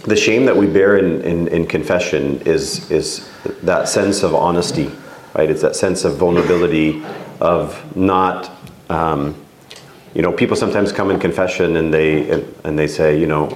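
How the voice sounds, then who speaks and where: A male priest answering an audience question in a thoughtful, halting way. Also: low-pitched, fairly even intonation, roomy sound, slight background noise. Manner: thoughtful, halting, many fillers.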